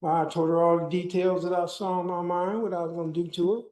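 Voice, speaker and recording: Older male speaker, warm dark tone, testimony-style storytelling with dialogue. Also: high-pitched, little pitch movement, fast talker, rough recording. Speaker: keynote speaker. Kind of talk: personal testimony speech.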